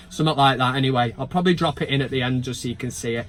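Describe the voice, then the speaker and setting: A man's voice: mid-range voice, racing, few pauses, a bit bright. A man chatting casually to camera about his football club from inside a van, full of jokey, sweary banter and mock outrage. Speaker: football fan vlogger.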